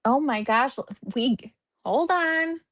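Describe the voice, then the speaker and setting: A woman's voice: high-pitched, takes it slowly, fairly bright tone. A woman hosting a true crime livestream, chatting casually with sarcastic jokes.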